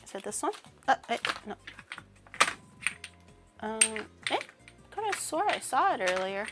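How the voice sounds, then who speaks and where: Rambling woman streamer, fairly high voice. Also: a little slow, loud music behind the voice. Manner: rambling, with animated mock-outraged rants. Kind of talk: casual livestream chat while cooking.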